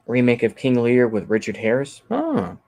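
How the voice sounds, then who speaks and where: A man's voice: medium pitch, wildly swooping pitch, moderate pace, mellow. A man chatting casually on his livestream, rambling easygoing and thinking aloud with lots of fillers as he reacts to comments. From Texas. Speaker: channel host.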